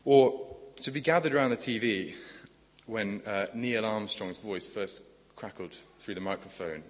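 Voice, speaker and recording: Low-voiced preacher in echoing church. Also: male voice, moderate pace. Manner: earnest, conversational, rhetorical questions. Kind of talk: sermon. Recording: long echoing church reverb.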